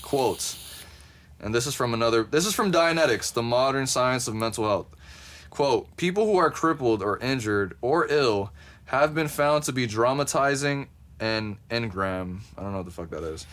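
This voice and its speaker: A man's voice: mid-range voice, expressive, moderate pace, fairly bright tone. Profane laid-back podcast guy. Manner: profane, laid-back, laughs while reading quotes aloud. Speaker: podcast co-host. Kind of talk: casual podcast chat.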